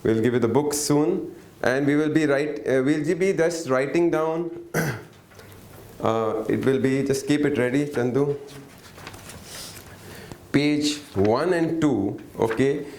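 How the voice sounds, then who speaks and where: A man's voice: medium pitch, takes it slowly, long pauses, a little mellow, slight background noise. A man teaching an interactive lesson, often asking the audience questions and waiting for replies. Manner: questioning, coaxing the audience to answer. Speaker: workshop teacher. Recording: echoey room.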